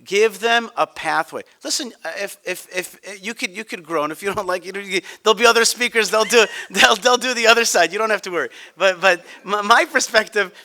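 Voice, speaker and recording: A man's voice: sits high, brisk, hardly any pauses, pushed and bright. A man speaking on a conference panel, blunt and emphatic, often restarting his sentences. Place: conference hall.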